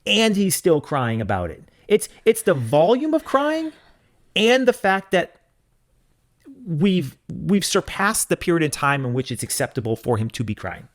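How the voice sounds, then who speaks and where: A man's voice: fairly high pitch, big pitch swings, measured pace. A man co-hosting a podcast, in casual chat, ranting in an emphatic, mock-stern way. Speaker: podcast co-host.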